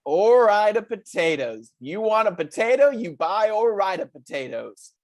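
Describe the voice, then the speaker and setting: Man doing a kids' show host, overeager, sing-song, bouncy pitch. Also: very animated, a little slow, heavily acted. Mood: peppy. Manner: sing-song, pushes a sponsor's slogan. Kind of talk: improv comedy scene.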